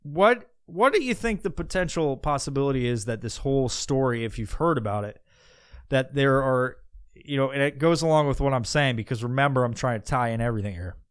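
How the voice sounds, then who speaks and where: A man's voice: medium pitch, lively intonation, brisk, clear, resonant tone, no room sound, clean studio sound. A man hosting a podcast, musing aloud in a meandering, profane way, with many restarts and asides. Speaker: podcast host. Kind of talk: casual rambling monologue.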